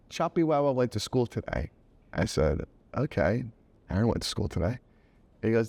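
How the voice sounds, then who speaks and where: A man's voice: on the low side, a little fast, vocal fry. A middle-aged man telling a personal story in a casual interview, acting out the people he quotes. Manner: animated, acts out quoted voices. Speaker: guest, children's book author.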